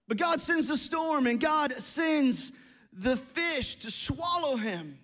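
A middle-aged pastor with a notably high voice delivers a sermon. He is animated, slipping into quick asides and little acted voices to make his points.

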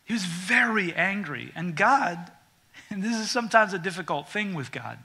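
Pastor guy preaching, pretty high voice, super bright and sharp, acts out the voices. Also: normal speed, vocal fry, husky. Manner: animated, acts out quoted voices; drops to a quiet, confiding tone. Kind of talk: sermon.

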